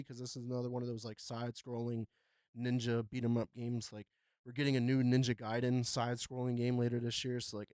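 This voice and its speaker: A man's voice: medium pitch, dry recording, clean studio sound. Casual man rambling through gaming news. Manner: relaxed, rambling with many fillers. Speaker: podcast host.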